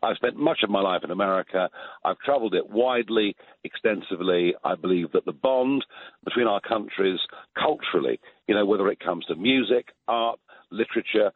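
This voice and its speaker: A man's voice: lowish voice, brisk, dry recording. British man on a tinny phone line. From England. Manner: emphatic, chuckling, stacks repeated words. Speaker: phone-in political guest. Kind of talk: opinionated radio interview.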